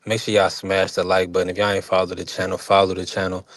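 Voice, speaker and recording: A man hosting a casual livestream panel, relaxed and laughing, throwing out shout-outs in slang. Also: low-pitched, fast. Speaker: host.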